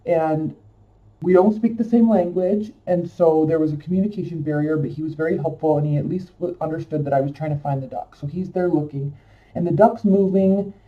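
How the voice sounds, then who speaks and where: A man with a higher voice tells an emotional story casually, rambling and using fillers. He's set back from a dull lo-fi mic, so the sound is distant.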